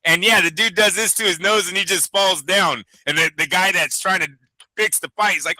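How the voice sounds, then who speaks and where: Man, boxing show co-host, very bright tone, casual profane storytelling, slightly high voice. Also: a little fast, no echo. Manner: profane, rambling storyteller acting out quotes. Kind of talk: casual podcast chat.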